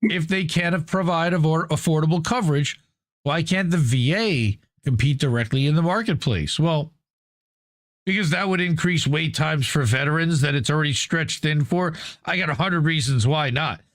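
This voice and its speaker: Brief: male host, higher-pitched voice, casual profane commentary, reads then riffs, dry close mic. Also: moderate pace, a bit bright, no echo. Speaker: news show host. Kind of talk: casual commentary reading and reacting to an article.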